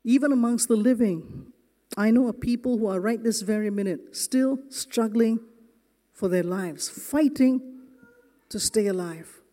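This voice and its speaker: A man preaching a sermon as pastor, slow and earnest, leaning hard on key words in a church. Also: sits high, dark tone. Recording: long reverb of a large hall.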